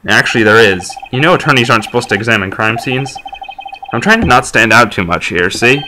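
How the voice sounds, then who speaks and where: A man's voice: mid-range voice, lively intonation, a little fast, sharp tone, a little hiss or hum. A man hosting a game playthrough, reading dialogue aloud with wry, joking commentary. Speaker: let's play host.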